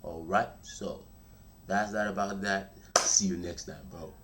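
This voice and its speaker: A man's voice: low voice, fairly even intonation, very noisy. A man giving a casual spoken tutorial, chatty and repetitive, calling listeners "bro" and checking in with "all right?". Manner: slows down and speaks steadily when demonstrating. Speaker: voice coach vlogger.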